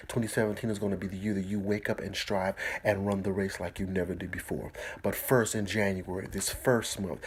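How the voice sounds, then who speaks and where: Guy preaching motivation, husky lowish voice, drags out the big line slow. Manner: repeats a slow, drawn-out mantra. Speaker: motivational speaker. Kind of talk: inspirational sermon.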